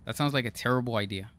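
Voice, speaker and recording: A man's voice: mid-range voice, fairly bright tone. A man streaming a game live, chatting playfully with his viewers, joking and laughing often, sometimes slipping into mock-formal phrasing. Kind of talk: live gameplay commentary, reading chat.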